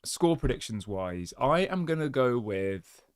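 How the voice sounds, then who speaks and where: A man's voice: mid-range voice, sing-song, unhurried, clear, resonant tone, no room sound, studio quality. A man hosting his own football fan channel, chatting casually and thinking aloud with small restarts. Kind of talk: casual solo fan commentary.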